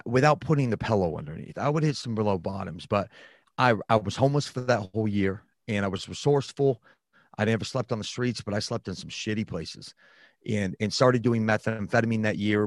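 Man, low voice, frank and reflective storyteller, close dry mic. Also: no room sound. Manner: frank and reflective, with frequent restarts. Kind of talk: candid storytelling in a conversation.

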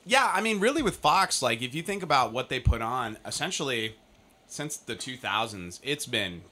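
A man's voice: mid-range voice, big pitch swings, normal speed, bright, forceful tone. A man co-hosting a casual chat, wry and blunt, swearing as he talks. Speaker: podcast co-host.

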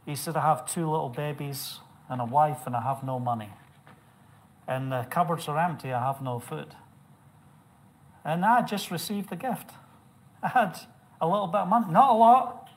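A male preacher telling a personal story in a sermon, swinging from hushed to loud and impassioned. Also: a little high, normal speed, long pauses.

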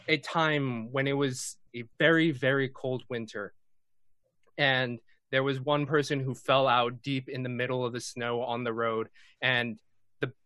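A man running a tabletop game as game master, narrating in a measured way with small hesitations. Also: medium pitch, a bit bright, smooth, no room sound.

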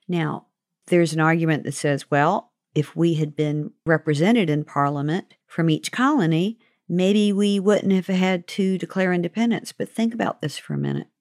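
A woman's voice: on the low side, a little mellow, dry recording, clean studio sound. Woman explaining in a teacherly way. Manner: friendly, conversational, teacherly. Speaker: author and show regular. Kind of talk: casual explainer.

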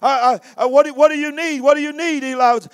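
Earnest, stammering boy servant, played by a high-voiced male preacher. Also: steady tone, fast talker. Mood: eager. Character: eager young boy servant.

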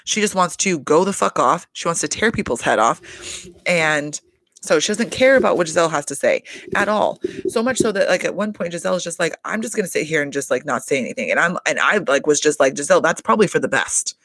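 A man recapping a reality show in loose, rambling chat, packed with fillers and swearing. His voice sits a little high and has a gravelly edge. The sound is dry and close, with no room around it. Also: lively intonation, fairly quick, fairly bright tone, no echo. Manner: rambling, heavy "like" fillers, frequent swearing and laughter. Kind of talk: casual profane recap.

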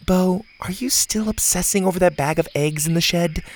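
A man's voice: high voice, normal speed, voice pushed up, natural voice. A man playing a wry, teasing girl camper.

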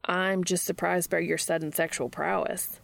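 A woman's voice: lowish voice, steady tone, moderate pace, creaky, fairly bright tone. A woman voicing a cocky, smirking young man who speaks with easy, drawling confidence.

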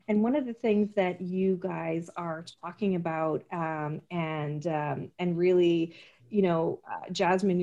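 A woman's voice: lowish voice, dark tone. A chatty woman in her forties hosts a casual interview. She talks in loose, rambling runs, stops to restart her sentences, and pokes fun at herself. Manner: chatty, self-deprecating, many fillers and restarts. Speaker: podcast host.

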